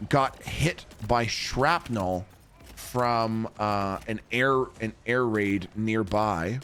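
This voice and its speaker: A man chats to his stream viewers in a loose, rambling way. His voice sits in an ordinary middle pitch. He drops in casual swears as he goes. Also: a little hiss or hum. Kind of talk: casual chat with viewers while gaming.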